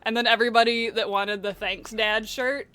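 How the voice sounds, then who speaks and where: A tabletop game player in casual stream chat, giggly and animated, swearing casually. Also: mid-range voice, normal speed, clear, resonant tone.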